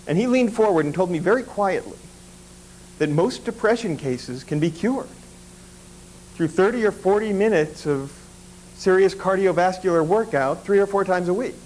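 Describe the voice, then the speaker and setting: Man, stand-up storytelling, high voice, dry self-deprecating delivery, faint noise behind. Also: moderate pace, a little mellow, poor audio.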